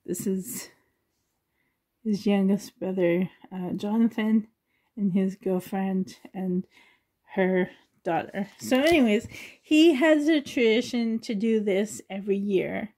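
Slow-talking woman with a mellow voice. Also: medium pitch. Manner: chatty, giggly, rambling with fillers. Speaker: vlogger. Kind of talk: casual show-and-tell chat.

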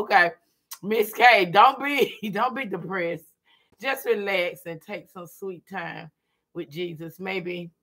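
A woman's voice: medium pitch, sharp tone. A middle-aged woman, chatting casually and laughing often with viewers on a live stream while she is tired.

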